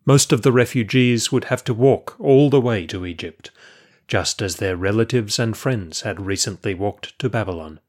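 A man reading a first-person story aloud as an audiobook narrator, in a measured, even storytelling manner. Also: fairly low pitch.

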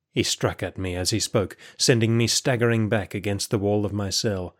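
Brief: male audiobook narrator, lowish pitch, measured first-person storytelling. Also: fairly even intonation.

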